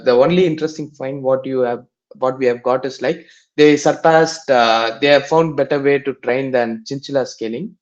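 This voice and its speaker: A man presenting a research paper in a live online session, explaining in a halting way with many fillers and restarts. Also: medium pitch, a little mellow, highs cut off.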